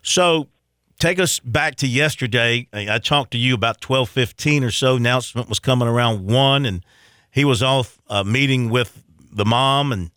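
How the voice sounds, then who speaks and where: Male host, casual interviewer, mid-pitched, dry studio sound. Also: moderate pace, fairly bright tone, clean tone, no echo. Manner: casual, conversational, fillers. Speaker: radio host. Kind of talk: interview questions.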